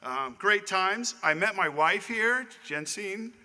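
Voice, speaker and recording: A man's voice: high voice, expressive, slow, noisy background. A man in his fifties from Southern California, giving a chatty acceptance speech at a dinner and calling out to people in the audience. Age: 50s. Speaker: Hall of Fame inductee. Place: banquet hall dinner. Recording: long reverb of a banquet hall.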